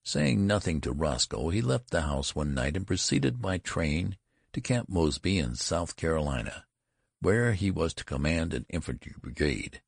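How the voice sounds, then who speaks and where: A male narrator reading a classic story in a measured, expressive way. His voice is extremely deep with a gravelly fry and a husky edge, and the recording is close and dry. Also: no echo. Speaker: audiobook narrator. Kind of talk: scripted narration.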